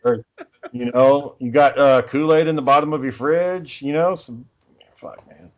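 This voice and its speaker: A man's voice: mid-range voice, unhurried, dull audio. A young man hosting a podcast, telling stories in casual chat and swearing freely. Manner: profane storytelling, swears freely. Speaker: podcast host.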